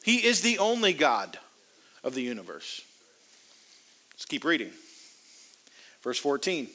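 Animated, bright-voiced man preaching. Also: fairly high pitch. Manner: emphatic preaching, reads scripture aloud slowly. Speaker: pastor. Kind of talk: sermon.

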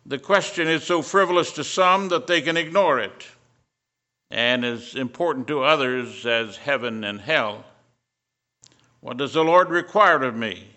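A man's voice: mid-range voice, measured pace, pushed and bright. An older man preaching a sermon, telling a story and building to fervent emphasis.

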